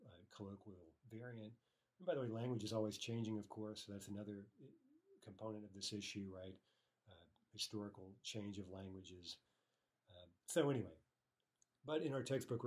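Guy teaching a grammar lesson, kinda low voice, reads examples then talks them through, lots of "uh" and "right?". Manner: reads example sentences aloud, then explains them in a conversational way; often ends phrases with a checking "right?" and uses "uh" as filler. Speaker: language teacher. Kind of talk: explanatory online lesson.

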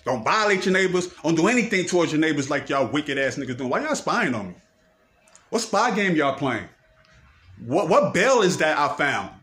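A man's voice: on the high side, sing-song, moderate pace, a bit bright. A man delivering a confrontational, profanity-heavy rant to a camera, repeating himself and firing accusing questions. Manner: confrontational, repetitive, swearing. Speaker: person ranting to camera.

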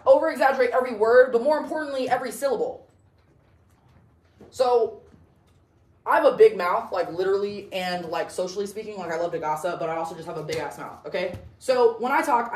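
A woman's voice: mid-range voice, quick pace, a little mellow, distant mic. A young woman coaching debate in a casual, blunt classroom lecture, heavy on "like" and "okay?", recorded from across a roomy classroom. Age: young adult. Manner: blunt, chatty, full of "like" and "okay?".

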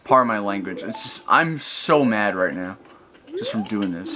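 A man's voice: fairly low pitch, lively intonation, moderate pace, bright, forceful tone. A man giving gameplay commentary, ranting in frustration and swearing often. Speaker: let's play host. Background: video game music.

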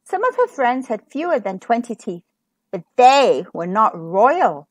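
A woman reading a children's picture book aloud, slow and expressive for young listeners. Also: fairly high pitch, husky, dry recording, clean studio sound. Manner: slow, expressive storytelling for kids. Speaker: storybook reader.

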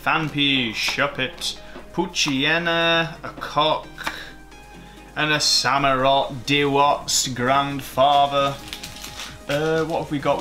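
A man who hosts a card-opening channel, chatting casually as he opens packs. He gets excited, swears and mocks himself. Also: on the high side, takes it slowly, soft background music.

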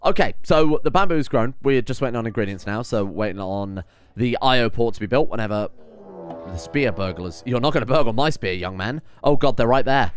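A man giving casual let's-play commentary, often exasperated, swearing and swinging loud when things go wrong. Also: mid-range voice, expressive, a little fast, smooth. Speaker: gaming commentator.

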